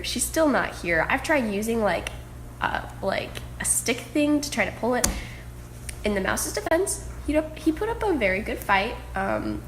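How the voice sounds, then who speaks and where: A young woman casually telling a dramatic pet-sitting story, emotional and animated. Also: medium pitch, slight background noise, low-quality recording.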